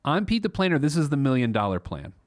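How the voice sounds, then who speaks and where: A man's voice: mid-range voice, very animated, quick pace. A man in his thirties hosting a casual solo money podcast, talking bluntly and with animation, often restarting his sentences. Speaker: podcast host, financial planner.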